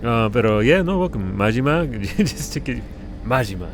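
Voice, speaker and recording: A male streamer talks loosely at a mid pitch while he plays at home. He rambles, swears freely and laughs easily, with a faint hiss under his voice. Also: sing-song, normal speed. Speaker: game streamer. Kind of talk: casual live-stream chat.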